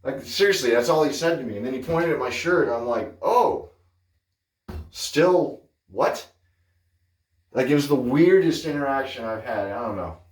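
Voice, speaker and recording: A man's voice: mid-range voice, fast, hardly any pauses, far from the mic. A man hosting a wet shaving video, chatting casually and drifting off topic as he tells stories. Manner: chatty, digressive, animated when telling stories. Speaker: wet shaving channel host. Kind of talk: casual rambling chat. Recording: roomy sound from off-mic.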